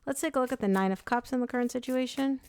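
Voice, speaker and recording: A young woman giving a casual tarot reading, talking frankly and loosely with lots of "like" and quick self-corrections. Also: high voice, a little mellow, smooth. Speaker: tarot reader.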